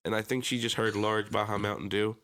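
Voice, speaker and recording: A man co-hosting a casual podcast, telling stories in an animated way and acting out his own anger. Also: lowish voice, fairly quick, clear, resonant tone. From Pennsylvania. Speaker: podcast co-host. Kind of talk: casual chat.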